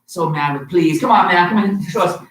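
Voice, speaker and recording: A man's voice: high-pitched, a little fast, fairly bright tone. A man teaching children good manners as a martial arts instructor, upbeat and encouraging, leading call-and-response. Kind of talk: teaching a kids' manners class online. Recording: echoey hall, far from the mic.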